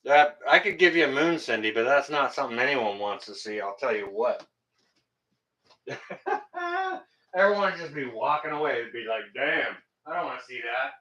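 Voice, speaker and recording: A man's voice: medium pitch, animated, fast, few pauses, bright, forceful tone. A man hosting a casual livestream, chatting with viewers and rambling with lots of fillers and jokes. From Canada. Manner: rambling and joking with frequent fillers. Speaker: livestream host reading chat.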